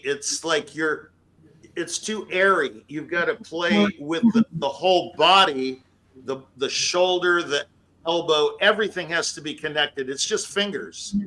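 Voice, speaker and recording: A man's voice: a little high, bright, forceful tone, low-quality recording. A man who is a pianist giving emphatic feedback to a performer and scatting melodies aloud to make his points. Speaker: pianist judging an audition.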